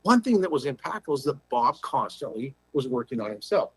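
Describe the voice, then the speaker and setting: A man with a slightly husky voice tells a personal story as an interview guest, animated and quick to act out the conversations he recalls. The sound is dry and close, with little room around him. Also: medium pitch, dry recording, rough recording. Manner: animated, retells conversations in dialogue.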